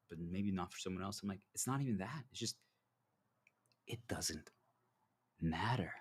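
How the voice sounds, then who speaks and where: A man's voice: fairly low pitch, a little slow, long pauses, slightly rough. A man delivering a preachy motivational monologue as a self-styled spiritual guide, telling stories and acting out dialogue. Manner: preachy, animated storytelling with acted dialogue.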